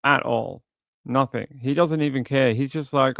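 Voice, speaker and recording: Man, true-crime commentator, gravelly voice, dry close sound, animated asides. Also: mid-range voice, unhurried, no room sound. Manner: animated, mocking retellings. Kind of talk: casual commentary on a video.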